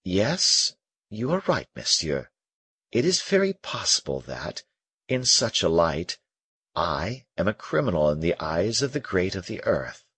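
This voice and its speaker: A man voicing a gentle, melancholy young male prisoner in an audiobook, speaking earnestly and softly with a husky voice. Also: deep voice, sing-song, measured pace, no room sound, heavily acted. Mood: wistful. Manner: earnest, wistful and soft-spoken. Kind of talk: audiobook character reading.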